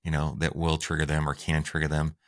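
Very deep-voiced man, upbeat co-host. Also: monotone, brisk. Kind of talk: relationship advice podcast talk.

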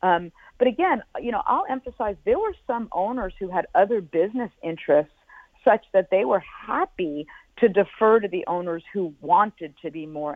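A woman's voice: on the low side, dry recording. Woman on a tinny phone line. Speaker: former football team executive, guest. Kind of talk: phone interview answering questions. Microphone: telephone.

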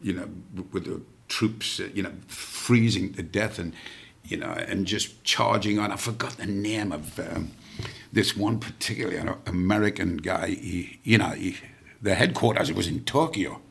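A man's voice: low voice, normal speed, vocal fry, a bit bright, slightly rough. An older man in his seventies, a rock singer as guest, rambling through anecdotes with many fillers and casual swearing. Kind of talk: casual storytelling chat.

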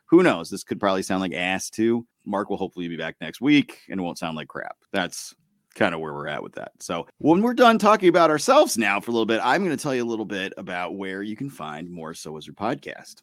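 Lively, low-voiced joking podcast host. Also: male voice, no room sound. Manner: jokey, quick, laughs often. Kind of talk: casual podcast chat. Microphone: remote recording over a streaming tool.

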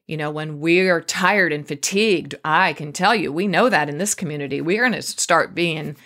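A woman's voice: low-pitched, moderate pace, a bit bright. A middle-aged woman hosting an inspirational podcast, talking in an earnest, emphatic way and lingering on her words. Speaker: podcast host. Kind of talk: reflective inspirational talk.

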